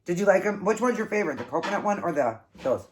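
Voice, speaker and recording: A woman's voice: on the low side, lively intonation, fast, crowd noise. A woman hosting an eating show, casually telling an embarrassing story and laughing often.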